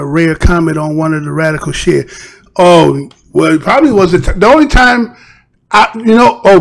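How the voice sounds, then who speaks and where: A man's voice: sits high, creaky. A man hosting a live stream, talking to his chat in emphatic, profane street talk. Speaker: livestream host.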